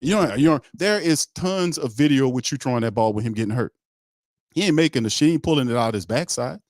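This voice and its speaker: A man's voice: medium pitch, lively intonation, quick pace, darkish tone, dry recording. Male sports-talk host, mid-range voice, blunt and fired-up, slangy rants, dry close sound. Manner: blunt, emphatic, heated, slangy. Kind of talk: opinionated sports talk commentary.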